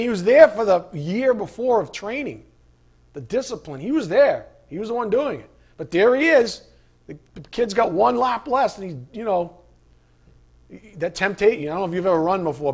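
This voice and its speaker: A man preaching a sermon in an animated way, acting out voices and sometimes shouting. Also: a little high.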